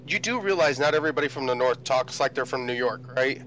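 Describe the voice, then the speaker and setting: A man's voice: medium pitch, fast, a bit bright, slight background noise, low-quality recording. A man from the Chicago area chatting casually on a flight sim stream, dry and fond of telling stories. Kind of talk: casual chat.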